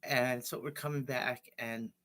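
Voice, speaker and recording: Man rambling through old stories on his stream, halting and casual. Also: medium pitch, fairly even intonation, a bit bright. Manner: rambling, halting, with fillers and self-corrections. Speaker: livestream host. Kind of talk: casual storytelling.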